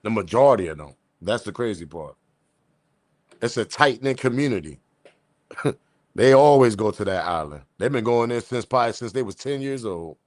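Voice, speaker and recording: A man hosting a live stream, talking in a casual, rambling and slangy way, reacting to a video and shouting out viewers. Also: lowish voice, expressive, a little fast, no echo, studio quality. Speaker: host.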